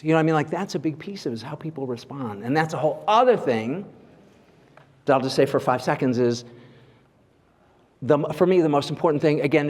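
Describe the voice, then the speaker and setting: A portrait photographer giving an informal lecture to a live audience, conversational and chatty, often checking in with listeners with "right?". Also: male voice, medium pitch, darkish tone. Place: large lecture hall at a symposium. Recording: long reverb of a big hall.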